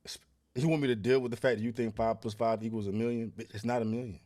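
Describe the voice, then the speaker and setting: A man's voice: mid-range voice, fairly even intonation, fast talker, mellow. A man hosting a reaction show, talking bluntly in heavy slang and profanity. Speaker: commentary host reacting to clips. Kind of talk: casual reaction commentary.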